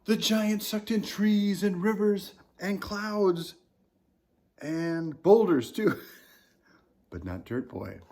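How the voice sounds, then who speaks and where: A man, a children's author, reading a picture book aloud with animated storytelling, swinging pitch and loudness and dropping to a whisper.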